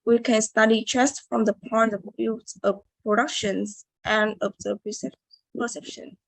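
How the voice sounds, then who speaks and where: A woman's voice: fairly high pitch, flat delivery, unhurried, creaky, no room sound, low-quality recording. A young woman giving a class presentation, reading carefully with hesitations and restarts. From Vietnam. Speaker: student presenter. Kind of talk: class presentation on word stress.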